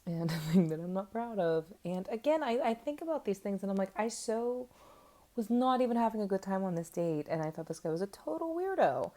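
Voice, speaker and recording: A woman's voice: mid-range voice, animated, fairly quick, dark tone. A woman in her thirties telling a candid, self-mocking story to camera in a casual chat, with lots of fillers. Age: 30s. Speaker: vlogger.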